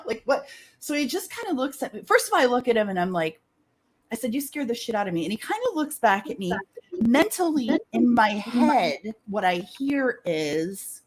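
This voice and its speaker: A woman co-hosting a casual chat, telling a story with lively acted-out dialogue and frequent laughter. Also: medium pitch, moderate pace, slightly rough. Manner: animated storyteller who acts out dialogue and laughs often. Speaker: podcast co-host telling a story.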